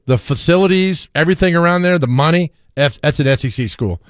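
A man hosting a sports radio show, opinionated and animated, often stammering as he starts a point. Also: a little high, fairly quick, clear, resonant tone, no room sound, studio quality. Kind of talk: casual sports talk.

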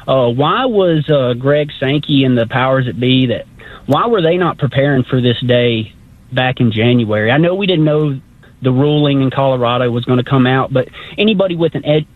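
A man's voice: medium pitch, lively intonation, moderate pace. A male caller on a radio show who talks politely and rambles, with many fillers. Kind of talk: radio call-in chat. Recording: tinny phone line.

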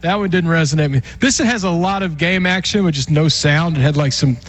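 A man's voice: fairly high pitch, brisk. A man co-hosting a casual sports talk radio show, dropping dry, wry asides. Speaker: radio co-host.

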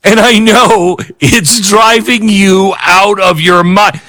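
A man hosting a political talk show, giving animated, sarcastic commentary with frequent chuckles. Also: sits high, slow. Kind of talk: opinionated commentary.

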